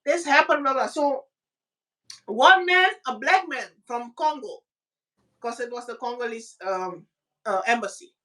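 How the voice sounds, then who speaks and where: Animated high-voiced Caribbean woman storyteller. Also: unhurried, pauses often, recorded from a distance. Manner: animated storytelling, acts out voices with high squeaky pitch jumps. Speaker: podcast co-host. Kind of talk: casual chat.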